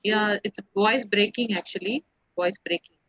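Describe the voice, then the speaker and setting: A woman hosting a webinar over a video call, talking haltingly with many fillers. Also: mid-range voice, a bit bright, no room sound, highs cut off. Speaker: webinar host.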